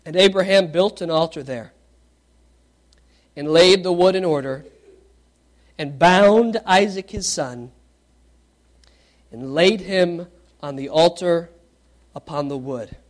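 A man preaching a sermon, reading scripture aloud and questioning his congregation, swinging from loud animated questions to hushed emphasis. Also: on the high side, slow, pauses often.

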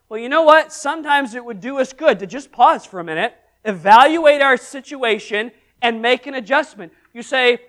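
A man preaching a sermon to a congregation, energetic and humorous, leading call-and-response. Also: extremely high pitch, normal speed, hardly any pauses. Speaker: pastor. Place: church service.

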